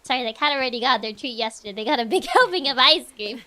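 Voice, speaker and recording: A woman's voice: sits high, lively intonation, fast, pushed and bright. A woman streamer giving casual let's-play commentary, chatty and thinking aloud.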